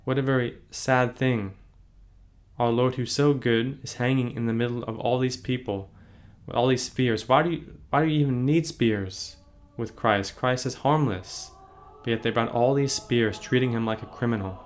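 A man, a priest, leading a catechism meditation on a painting, gently asking the listener questions and answering them. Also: mid-range voice, moderate pace.

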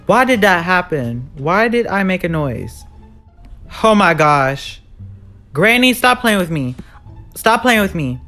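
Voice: medium pitch, very animated, a little slow, pushed and bright, soft background music. A gamer giving live commentary on a horror game, jumpy and sassy, shrieking when scared and talking back to the villain. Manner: frightened shrieks and repeated exclamations.

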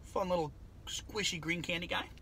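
A man's voice: sits high, moderate pace, background noise. A man doing a goofy, sarcastic snack taste-test vlog, often slipping into silly bits. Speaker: vlogger.

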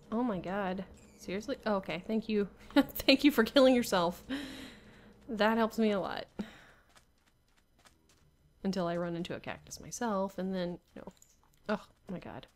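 Young woman playing a game and grumbling to herself, laughs a lot, mid-pitched voice. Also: lively intonation, moderate pace, long pauses, a little hiss or hum. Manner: exasperated, talks to herself, laughs often. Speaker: gamer. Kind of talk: Minecraft gameplay commentary.

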